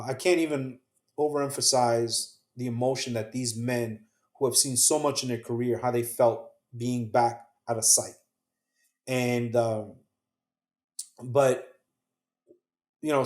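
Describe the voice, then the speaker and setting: Man telling his story in an echoey room. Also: medium pitch. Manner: earnest, acts out quoted voices, drops soft at painful moments. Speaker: podcast guest, survivor telling his story. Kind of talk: emotional first-person storytelling.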